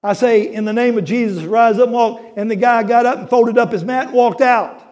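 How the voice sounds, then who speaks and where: A middle-aged male pastor preaching a sermon in a folksy storytelling way, building to emphatic shouts. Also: extremely high pitch, steady tone, fairly quick, dull audio.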